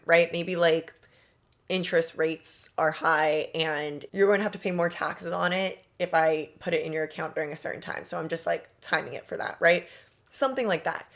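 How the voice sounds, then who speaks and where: A woman's voice: low voice, fairly even intonation, moderate pace. A woman coaching on manifestation in a casual, emphatic monologue, talking straight to the listener with slang and rhetorical questions. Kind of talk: motivational monologue.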